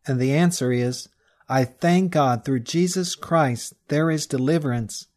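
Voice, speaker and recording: A man's voice: medium pitch, unhurried, a little mellow. Man solemnly reading a sermon text. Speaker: reader of a religious text. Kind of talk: read-aloud sermon text.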